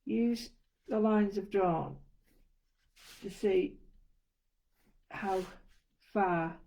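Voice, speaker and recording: Soft-spoken woman narrating her drawing. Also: medium pitch, drawn-out words, rough recording. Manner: chatty, narrates her own steps as she draws. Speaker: art tutor. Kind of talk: casual drawing tutorial.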